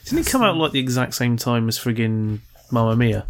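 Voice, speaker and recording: A man chatting casually on a podcast, dropping dry deadpan asides. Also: medium pitch, a little fast. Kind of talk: casual comedy chat.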